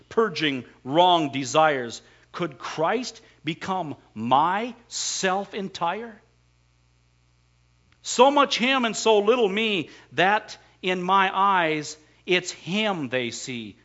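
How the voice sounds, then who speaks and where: A man preaches with a high, bright voice and keeps asking the congregation rhetorical questions. He leans hard on his points. The recording sounds dull and lo-fi. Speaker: pastor. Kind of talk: sermon.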